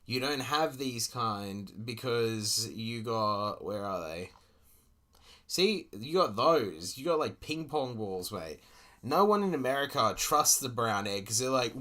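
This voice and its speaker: A man's voice: mid-range voice, expressive, slow pace, bright, forceful tone. A young Australian man streaming, ranting casually and profanely with sarcastic asides while reacting to a video.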